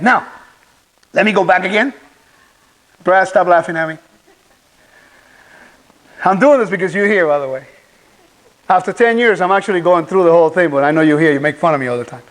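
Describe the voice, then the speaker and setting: A man's voice: sits high, a little fast, long pauses, a bit bright, rough recording. A man giving a conference sermon, preaching animatedly and putting rhetorical questions to the audience. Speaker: conference speaker. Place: conference hall.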